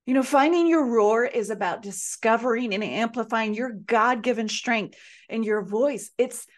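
Woman podcast host, earnest and emphatic monologue, a touch high. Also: normal speed. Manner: earnest, emphatic, repeats phrases for effect. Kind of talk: personal storytelling monologue.

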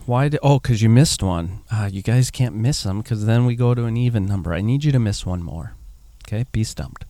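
Lowish-voiced man hosting a quiz. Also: fairly quick, mellow, dry recording. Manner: playful, reads ride announcements aloud. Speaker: podcast host running a quiz game. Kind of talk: casual chat, reading quiz clues.

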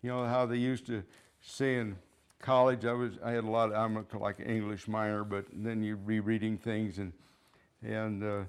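A man preaching a sermon, fervent and emphatic, repeating phrases and swinging between loud declarations and quiet asides. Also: lowish voice, flat delivery, moderate pace, clear, resonant tone. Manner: fervent, rising and falling in loudness, chuckles between points.

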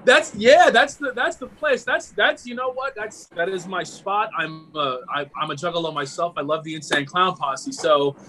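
A man from Maryland hosting a casual podcast interview from home, relaxed and chatty, laughing easily. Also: high voice, normal speed, hardly any pauses, a little hiss or hum, low-quality recording. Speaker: podcast host.

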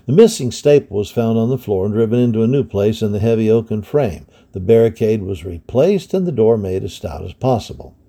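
Gravelly man reading an adventure story. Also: on the low side. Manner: steady, measured narration with voiced dialogue. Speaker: storybook reader. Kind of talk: reading a historical adventure novel aloud.

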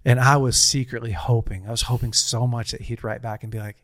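A man's voice: mid-range voice, fairly even intonation, quick pace, hardly any pauses, a bit bright, no echo, studio quality. A man in his thirties telling a personal story in casual conversation, earnest and rambling, with frequent restarts.

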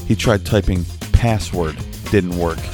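A young man casually telling a story at home with a quiet voice, laughing at himself and dropping apologetic asides. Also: deep voice, a little slow, over music. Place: home at night, kept quiet.

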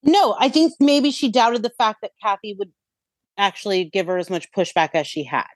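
A woman's voice: medium pitch, normal speed, dry recording. A woman co-hosting a casual gossip chat, blunt and wry. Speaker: podcast co-host.

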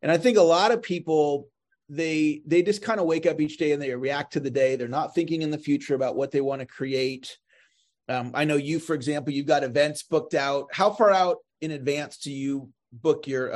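A man hosting a podcast, asking his guest questions in a relaxed way, pausing with fillers as he searches for words. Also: fairly high pitch. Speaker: podcast host. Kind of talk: interview questions.

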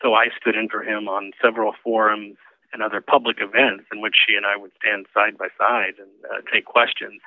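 A man's voice: lowish voice, flat delivery, a little fast, no room sound. Man on a tinny phone line. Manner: conversational, with fillers. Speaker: former campaign manager. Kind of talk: interview recollection.

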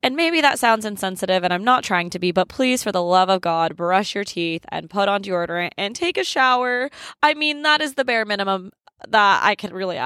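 A woman's voice: medium pitch, pushed and bright, dry recording. Young woman, podcast host, candid, swears a lot, laughs often, dry close sound. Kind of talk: casual chat.

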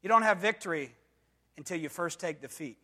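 In a reverberant hall, an adult pastor preaches with emphasis, his high voice pushed and bright and his pace a little fast. He repeatedly asks the congregation if they follow him, call-and-response style, and bursts dramatically into quoted voices.

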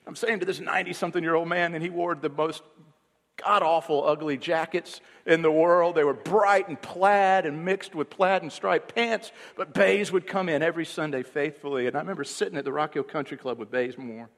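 A man preaching a sermon as the pastor, telling stories and moving between loud, emphatic passages and hushed, low ones. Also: a little fast, gravelly, big-room sound.

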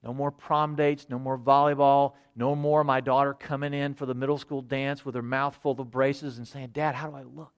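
A middle-aged man preaching a sermon, earnest, repeating phrases and moving between loud emphasis and hushed quiet. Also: mid-range voice, flat delivery, moderate pace, hardly any pauses, clear, resonant tone. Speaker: pastor.

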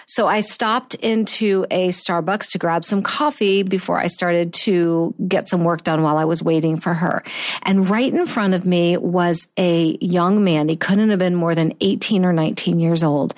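Middle-aged woman telling a story, sincere, kinda low voice, restarts a lot. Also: fairly even intonation, moderate pace. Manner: earnest, heartfelt, with frequent restarts. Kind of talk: personal anecdote, reflective storytelling.

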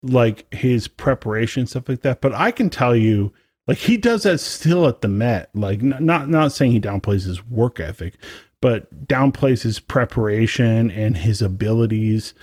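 A man's voice: mid-range voice, expressive, measured pace, a little mellow, husky, no echo. Give me a man chatting on a podcast, rambling with lots of fillers, recorded dry. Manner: rambling, many fillers and restarts. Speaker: podcast co-host, brass musician. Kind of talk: casual chat.

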